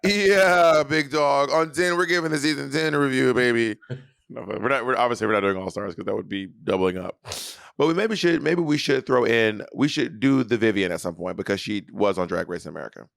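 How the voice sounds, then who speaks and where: A man in his thirties from New York co-hosting a podcast in campy, animated casual chat. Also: medium pitch, fairly quick, creaky. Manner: campy, animated storyteller, breaks into shouted stage hype. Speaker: podcast co-host.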